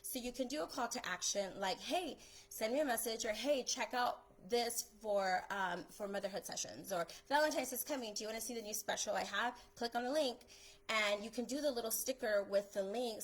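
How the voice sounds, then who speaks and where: Woman, 30s, photographer host, casual and eager, quick fillers, middle pitch. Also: poor audio. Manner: excited, chatty, filler-heavy. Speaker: photographer hosting a live stream. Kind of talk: casual live-stream tips talk.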